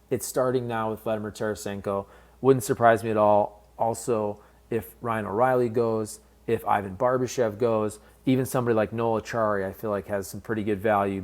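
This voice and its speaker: A man's voice: lowish voice, darkish tone. A man giving casual commentary on a hockey trade, talking candidly and directly to fans. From based in St. Louis. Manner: conversational, candid, fan-focused. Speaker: sports commentator.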